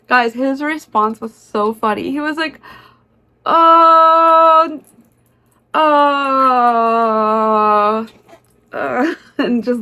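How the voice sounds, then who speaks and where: A woman narrating a casual vlog in a chatty, excitable way, full of fillers like "um" and "like.". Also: a little high. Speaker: concert vlogger.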